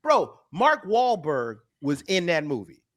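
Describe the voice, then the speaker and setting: A man co-hosting a comedy radio show, excitable and slangy in casual banter. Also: a little high, slow pace, dry recording, clean studio sound. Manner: excitable, slangy, says "bruh" a lot.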